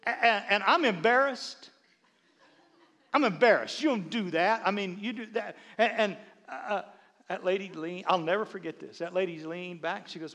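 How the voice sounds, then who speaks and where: Preaching at a moderate pace in a high voice, a middle-aged pastor tells humorous stories about his wife and acts out her lines. He is animated and often repeats words as he builds momentum. His sermon rings with the long reverb of a large hall.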